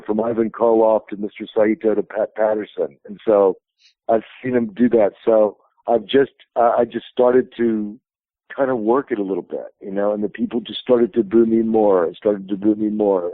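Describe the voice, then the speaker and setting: A man's voice: on the low side, normal speed, dry recording. A man in his fifties, a wrestling promotion president, telling rambling stories as a guest in a phone interview. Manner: rambling anecdotal storyteller. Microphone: telephone. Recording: tinny phone line.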